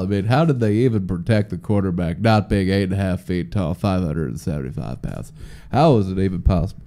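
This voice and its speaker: A young man hosts his podcast solo, rambling loosely from one riff to the next with plenty of swearing and jokes. His voice sits low and gravelly, with a dark, mellow tone. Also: fairly quick, hardly any pauses. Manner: rambling, profane, jokey. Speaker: podcast host. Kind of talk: casual solo podcast chat.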